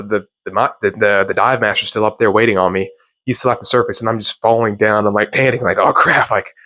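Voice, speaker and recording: Young man, low voice, rambling casual storyteller, dry close sound. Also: a bit bright, dry recording. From Louisiana, US. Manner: rambling storytelling with restarts and laughs. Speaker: self-improvement host. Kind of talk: casual motivational talk.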